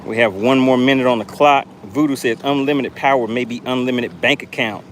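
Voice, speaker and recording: A man running a fishing live stream from a boat outdoors, reading viewer chat aloud with animated exclamations. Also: medium pitch, fairly quick, a little hiss or hum.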